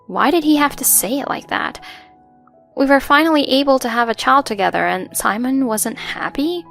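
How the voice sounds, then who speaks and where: A woman's voice: high-pitched, animated, moderate pace, vocal fry, a bit bright. A woman narrating a first-person story in an earnest, emotional way, with faint music behind.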